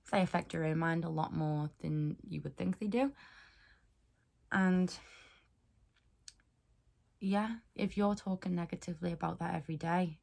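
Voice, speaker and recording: A young woman with a low, gravelly voice speaks frankly and earnestly in a casual vlog. She gives encouraging everyday advice in a relaxed, chatty way, with a bit of mild swearing. Her tone stays grounded and sincere. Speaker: wellness vlogger.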